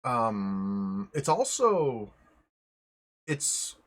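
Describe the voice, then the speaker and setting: A man's voice: medium pitch, sing-song, extremely slow, fairly bright tone. A young man hosting a livestream, chatting casually, greeting viewers one by one and often rambling and correcting himself. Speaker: livestream host.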